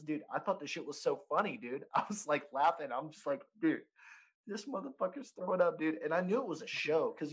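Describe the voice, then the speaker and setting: A man's voice: mid-range voice, fairly bright tone, rough recording. A man in his thirties telling a story in casual chat, rambling, swearing and laughing often. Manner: profane, rambling, laughs often, says "dude" constantly.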